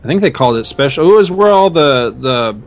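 A middle-aged man with a slightly high voice retells his school pranks with mischievous glee. He laughs freely in a relaxed, casual chat. Faint music runs behind him. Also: a little fast. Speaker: podcast co-host.

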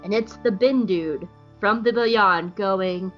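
A woman co-hosting a podcast, recapping an episode in an animated, profane, joking way. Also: mid-range voice, slow pace, muffled recording, soft background music. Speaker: podcast co-host.

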